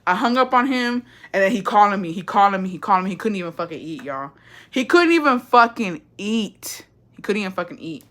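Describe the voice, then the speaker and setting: Young woman, casual storyteller: bright, blunt, profane, slips Spanish phrases into her talk. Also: mid-range voice, fast, hardly any pauses.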